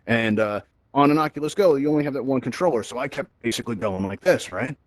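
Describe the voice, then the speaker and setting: A man from Brooklyn hosting a live virtual reality event on a stage, animated and chatty, tagging "right?" onto nearly every point as he talks through a headset mic. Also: medium pitch, quick pace, no room sound. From Brooklyn, New York. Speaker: host of a VR event. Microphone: VR headset microphone.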